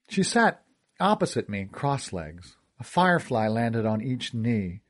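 A man narrating a first-person audiobook story, expressive and wisecracking in his character's dialogue. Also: mid-range voice, a little slow.

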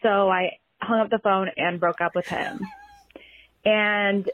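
A woman's voice: medium pitch, steady tone, slow pace. A woman from Oregon calling a podcast and telling a story about a breakup in a chatty way. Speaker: caller. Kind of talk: recorded call-in story. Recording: dull lo-fi recording.

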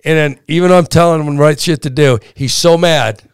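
A middle-aged man with a fairly high voice, chatting as a podcast guest. He tells his stories in an animated way and laughs often as he talks. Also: a little fast, clear, resonant tone, dry recording, clean studio sound. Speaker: guest, father of the rider. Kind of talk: casual podcast chat.

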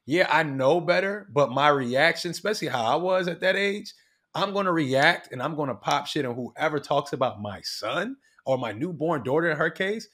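Frank, relaxed male co-host. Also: fairly high pitch, normal speed. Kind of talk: casual talk-show discussion.

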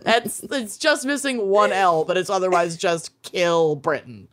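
A woman's voice: on the low side, animated, measured pace, very noisy. A woman co-hosting a casual podcast, reading news stories aloud and breaking into laughing asides. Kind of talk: casual chat.

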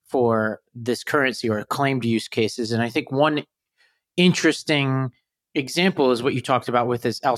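A man hosting a podcast, setting up measured, explanatory interview questions. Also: medium pitch, no room sound. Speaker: podcast host.

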